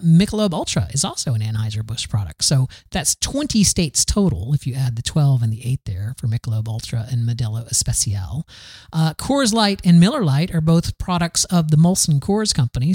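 A man's voice: a little high, darkish tone, dry recording, clean studio sound. A man hosting a podcast, riffing through the news in a casual, sarcastic way, full of fillers and restarts. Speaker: podcast host.

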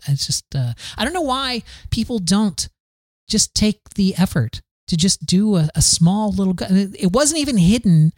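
A man's voice: high voice, sing-song, normal speed, a little mellow, no echo, studio quality. A man hosting a podcast, riffing through the news in a casual, sarcastic way, full of fillers and restarts. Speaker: podcast host.

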